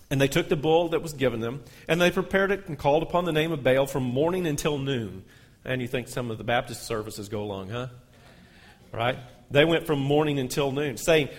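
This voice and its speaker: In a church sanctuary, a male pastor reads scripture aloud during a sermon, raising his voice on the quoted lines. His mid-range voice moves fairly quickly, and the recording carries long hall reverb.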